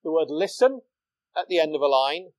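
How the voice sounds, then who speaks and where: A man's voice: on the high side, animated, normal speed, a little mellow, no room sound, poor audio. Man giving a lecture, dry sound. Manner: explanatory, asks rhetorical questions. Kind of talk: public lecture. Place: lecture hall.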